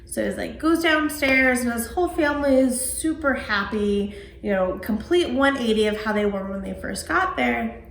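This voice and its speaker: A woman co-hosting a casual horror podcast, retelling movie scenes in an animated way. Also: on the high side, normal speed, creaky. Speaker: podcast co-host. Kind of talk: casual movie review chat. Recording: roomy echo, faint background noise.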